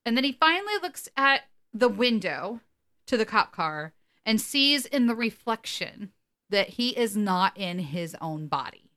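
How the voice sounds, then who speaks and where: A woman co-hosting a podcast, casually recapping an episode with animated, laughing delivery. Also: medium pitch, clean tone. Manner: animated, acts out quotes, laughs often. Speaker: podcast co-host.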